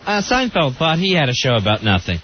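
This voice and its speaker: A man's voice: a little high, sing-song, fairly quick, slightly rough. A man co-hosting a radio talk show, tossing in short quips. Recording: dull lo-fi radio broadcast with faint noise.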